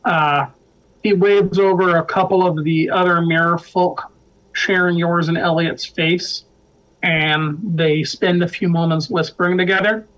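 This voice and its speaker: High-voiced guy running a tabletop game, really slow, kinda muffled mic. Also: fairly even intonation, fairly bright tone. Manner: slow, halting narration with fillers. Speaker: storyteller.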